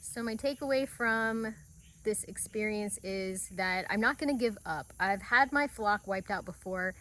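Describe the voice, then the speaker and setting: A woman's voice: medium pitch, normal speed, a bit bright. A middle-aged woman vlogging outdoors on her homestead at sunrise, talking in an earnest, reflective, heartfelt way into a handheld camera. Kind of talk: casual outdoor vlog talk.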